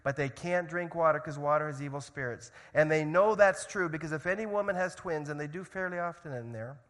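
A man gives a sermon in a church. He speaks in a fairly high voice and swings from loud, urgent stretches to hushed storytelling. A long hall reverb trails behind him. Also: brisk. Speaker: missionary speaker.

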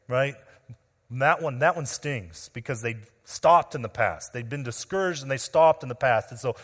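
A man preaching an expository sermon as pastor, earnest, addressing the men and women before him, often dropping quietly at the ends of phrases. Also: medium pitch, normal speed. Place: church sanctuary. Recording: long reverb of a large room.

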